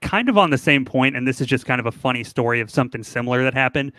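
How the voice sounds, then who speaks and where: A man's voice: mid-range voice, expressive, racing, pushed and bright, no echo. A man co-hosting a podcast in casual chat, telling stories with a joking manner. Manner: joking storyteller. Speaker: podcast co-host.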